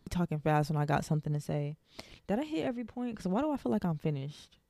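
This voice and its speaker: Young woman host, warm earnest encouragement, dry close mic. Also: on the low side, big pitch swings, racing, dry recording. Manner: earnest, encouraging, faith-filled. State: out of breath. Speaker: podcast host. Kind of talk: solo podcast monologue.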